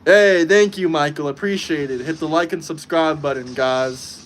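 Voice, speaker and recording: A man with a slightly high voice runs a casual livestream and talks straight to his chat. He is combative and mocking, and a faint hum of room sound sits behind him. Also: moderate pace, fairly bright tone. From United States. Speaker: livestream host.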